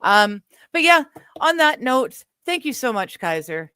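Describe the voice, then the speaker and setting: A woman's voice: high-pitched, very animated, measured pace, sharp tone, smooth, no echo. A woman hosting a casual live stream chat, reading chat messages aloud and laughing easily. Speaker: stream host.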